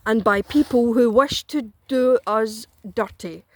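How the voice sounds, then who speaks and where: A woman's voice: on the high side, unhurried, dry recording. A Scottish woman ranting bluntly and profanely in a casual chat, dry and close to the mic. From Scotland. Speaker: political commentator.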